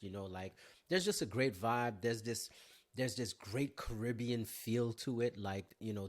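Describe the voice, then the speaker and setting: A man from Haiti hosting his own podcast, telling casual stories in an animated way, swearing and laughing freely. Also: lowish voice. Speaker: podcast host. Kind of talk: casual solo podcast storytelling.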